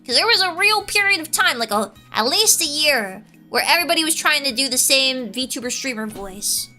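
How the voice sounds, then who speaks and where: A young woman streams through a headset, talking to her chat so loudly she almost yells every word. Her voice is high and bright, and it swings up and down a great deal. She giggles often, with faint music underneath. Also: expressive, normal speed. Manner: giggly, chatty, addresses chat directly. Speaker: VTuber streamer.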